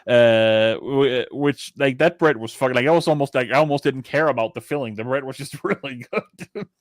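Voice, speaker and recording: A Danish-accented man co-hosting a podcast, talking in a loose, rambling way and swearing offhandedly. His voice sits at an ordinary pitch and sounds close and dry, with no room around it. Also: normal speed, no echo. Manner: chatty, rambling, swears casually. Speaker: podcast co-host. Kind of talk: casual chat.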